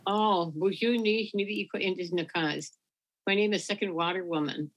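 An older woman speaking gently as an interview guest. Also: fairly low pitch, fairly even intonation, fairly quick, low-quality recording. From Minnesota. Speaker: guest elder and storyteller. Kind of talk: interview conversation.

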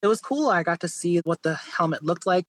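A man's voice: sits high, fairly quick, slight background noise, poor audio. Easygoing man telling a story. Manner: relaxed, many fillers like "like" and "you know". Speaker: guest artist. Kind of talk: casual interview storytelling.

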